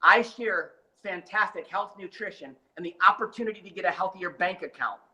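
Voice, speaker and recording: Guy telling his success story, gets all fired up, bright punchy voice, kinda high. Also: a little fast, rough recording. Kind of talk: motivational storytelling.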